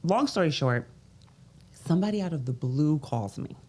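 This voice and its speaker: A woman's voice: lively intonation, normal speed, mellow. A woman from Brooklyn, a business coach telling her life story candidly as a guest, breaking off to voice other people. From Brooklyn, New York. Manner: candid storytelling with restarts, voicing others in raised pitch. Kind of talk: interview.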